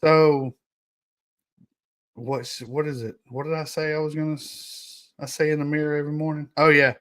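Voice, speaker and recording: Pria podcaster santai yang sering tertawa. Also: male voice, fairly high pitch, level tone, normal speed, fairly bright tone. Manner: laughs often, jokes and riffs with chat while reading notes. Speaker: podcast host. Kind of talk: casual solo podcast reading to a live chat.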